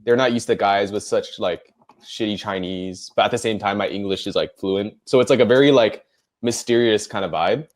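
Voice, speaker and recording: A man's voice: fairly low pitch, normal speed. A young man, co-hosting a casual debate podcast and rambling with many fillers and restarts. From United States. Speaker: podcast co-host.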